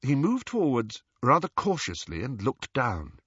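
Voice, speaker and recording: A man reading a novel aloud as a narrator, telling it expressively and dropping to a hush in quiet passages. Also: mid-range voice, measured pace, breathy edge, no room sound, lo-fi sound. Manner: expressive storytelling with hushed passages. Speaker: audiobook narrator. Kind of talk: scripted narration.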